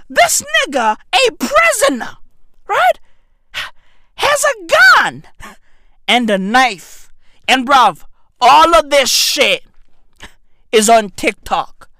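A man doing a profane comedic rant in a mock-outraged tone, shouting at times. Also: dry recording. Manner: animated, swearing, exaggerated mock outrage, repeats "bruv"; breaks into shouts and squeaky high-pitched bursts.

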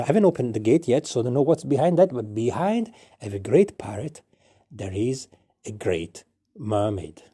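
A man spins a meandering storybook tale as a chatty, boastful parrot. His voice is husky and mellow, sitting a little low, and he keeps circling back with restarts and playful asides. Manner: playful, digressive, rambling with many fillers and restarts. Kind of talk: improvised rambling story narration.

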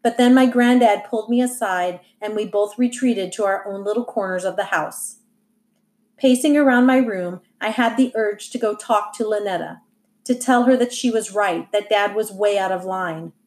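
A woman reads a first-person novel aloud in an even, unhurried storytelling voice. Her pitch sits in the middle of the usual range for a woman. Nothing is pushed; the telling stays plain and steady. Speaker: audiobook reader.

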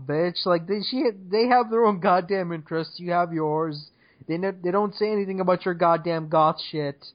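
Young guy ranting hard, swearing, kinda high voice, muffled lofi audio. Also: measured pace. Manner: exasperated, profane ranting. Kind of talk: casual chat. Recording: dull lo-fi sound.

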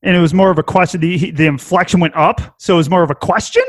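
A man with a Welsh accent in casual podcast chat, animated, laughing often and swearing casually. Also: high-pitched, fast, a little hiss or hum.

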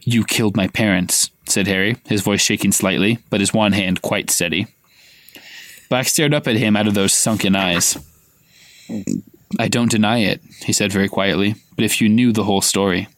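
A man's voice: on the low side, normal speed, a bit bright, dry recording. A man co-hosting a podcast, reading a novel aloud in a casual way and giving the characters' lines a little acting. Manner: reads dialogue with light acting, stops to quiz his co-host.

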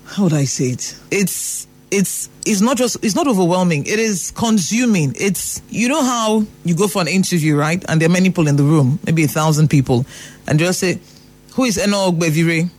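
A man's voice: high-pitched, expressive, normal speed, a little mellow. A Nigerian man giving an emphatic motivational talk, repeating phrases for emphasis. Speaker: motivational speaker.

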